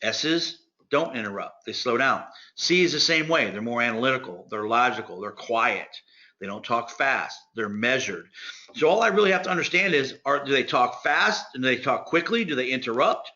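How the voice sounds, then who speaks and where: A man giving a sales training talk, direct and energetic, speaking to his listeners like friends. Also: medium pitch, normal speed, highs cut off. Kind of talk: instructional talk.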